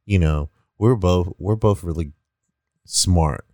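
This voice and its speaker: Young male co-host, very low and mellow voice, dry close sound, loose rambling storyteller. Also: slow pace, no echo. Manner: rambling storyteller, laughs often, many "like" fillers. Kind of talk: casual chat.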